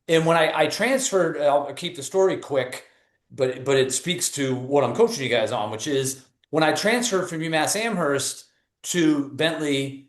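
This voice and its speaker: A man in his thirties with a New England accent speaks at a fairly high pitch and an unhurried pace, his voice echoing around the room. He's a performance coach delivering a motivational talk, telling stories with energy and dropping in casual fillers.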